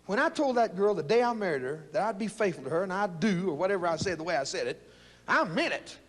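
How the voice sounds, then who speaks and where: A man's voice: high-pitched, lively intonation, fast talker. An older man, giving a folksy, joking motivational speech to young people about loyalty and his war years. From South Texas. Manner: folksy, jokey, fired-up preaching. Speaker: speaker telling his war story. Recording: long echo of a big hall.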